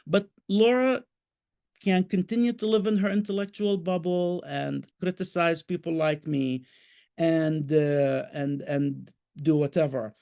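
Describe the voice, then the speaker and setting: A man's voice: a little high, fairly even intonation, measured pace, gravelly, dark tone. A man speaking as a guest on an online panel, passionate and emphatic, talking in short bursts and repeating words for stress.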